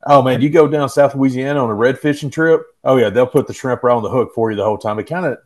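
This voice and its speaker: A man's voice: mid-range voice, quick pace. Easygoing man telling stories. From Arkansas, US. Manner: easygoing storyteller, folksy. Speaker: guest, rack company owner. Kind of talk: casual podcast chat.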